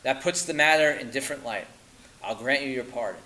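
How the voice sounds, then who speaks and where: A man voicing a stern older male general in a sermon anecdote, speaking in a firm, measured way. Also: mid-range voice, sharp tone, close to an everyday voice, low-quality recording. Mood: astonished.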